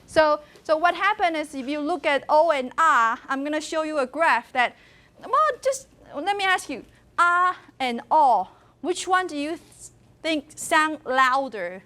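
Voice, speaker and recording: High-voiced woman lecturing. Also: normal speed, pushed and bright. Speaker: university linguistics lecturer. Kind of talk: classroom lecture. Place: classroom.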